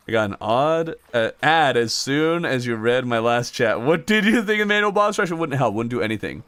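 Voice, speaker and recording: A man streaming a video game, chatting casually with his chat and laughing often in a jokey, animated way. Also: on the high side, normal speed, no echo, faint music behind. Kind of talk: casual live-stream chat, reading chat aloud.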